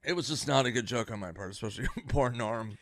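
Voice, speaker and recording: A man's voice: mid-range voice, fast talker, slight background noise. A man, a comedian, casually telling a backstage anecdote with lots of fillers. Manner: lively anecdotal delivery with frequent fillers. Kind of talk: casual storytelling.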